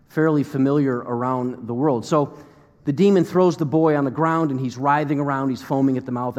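American pastor preaching in a reverberant hall. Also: male voice, mid-range voice, darkish tone. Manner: conversational, with fillers and acted-out quotes. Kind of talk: sermon.

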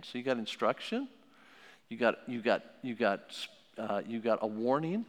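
A man's voice: medium pitch, expressive, moderate pace. A man preaches on raising children with a mid-range voice that sits right in the middle for a man. He tells stories animatedly and leans on repeated phrases. His voice rings out into a big hall with a long reverb tail. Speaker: pastor teaching on parenting. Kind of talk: sermon-style teaching talk.

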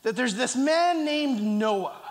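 The long reverb of a church hall surrounds a pastor's very high, animated voice as he preaches. He reads scripture with earnest conviction, stopping and restarting at times, and coughs slightly.

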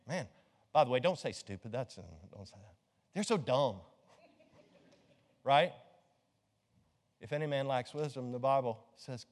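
A middle-aged man preaching a sermon with a notably high voice, joking with his congregation and firing rhetorical questions at them. His words ring out with a long reverb from the church hall around him. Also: moderate pace. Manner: lively, joking, quizzes the congregation. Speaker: pastor.

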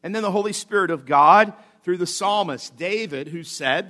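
Male pastor, sermon, lively delivery, loud emphasis then quiet asides, slightly high voice. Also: normal speed. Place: church.

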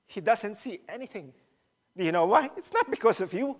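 Male preacher, very lively pitch, questions the congregation as he preaches. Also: brisk. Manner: animated, questions the congregation directly. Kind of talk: sermon.

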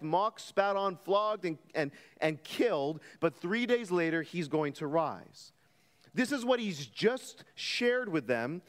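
A man preaching from the pulpit with a high, lively voice that rises and falls. He takes his time, leaning on each phrase with emphatic weight. The sound rings out with the long reverb of a church hall. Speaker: pastor. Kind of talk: sermon.

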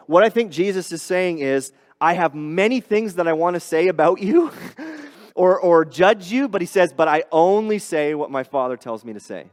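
A man's voice: a little high, lively intonation, normal speed, in a large hall. A man preaching a sermon as pastor, earnest and explanatory, often restarting phrases and rising on emphatic points.

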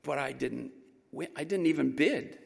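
A man's voice: on the high side, normal speed, creaky, breathy edge, heavily acted. A man voicing a twelve-year-old boy, earnest and plaintive. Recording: long hall reverb.

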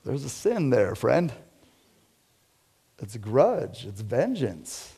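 A man preaching a conversational sermon to a small group, shifting from loud emphatic lines to quiet low asides. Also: big pitch swings, takes it slowly, gravelly, husky. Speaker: pastor. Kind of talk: interactive sermon.

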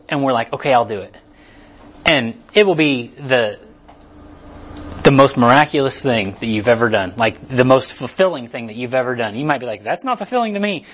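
A man preaches a casual, conversational sermon, animatedly acting out the inner voices of what people tell themselves. His voice is medium-pitched and husky, with the high frequencies cut off.

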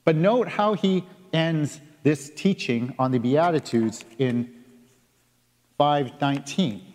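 A man preaching a sermon in an earnest way, reading scripture aloud and stressing key words with pauses. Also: on the high side, darkish tone. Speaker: pastor. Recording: long reverb of a large hall.

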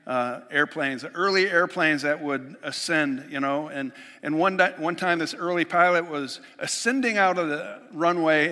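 A male pastor delivers an animated sermon, slipping into little voices for worried people in his stories. His voice sits a touch high and rings bright and forceful. It is recorded in a church hall with a long, lingering reverb. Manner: animated storytelling, acting out quoted worries. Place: church sanctuary.

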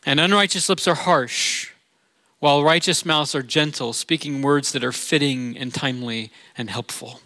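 A man's voice: on the high side, normal speed, pushed and bright, no echo. A middle-aged man with a Midwestern accent, preaching a sermon in an earnest, conversational way with rhetorical questions. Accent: Midwestern American. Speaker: pastor.

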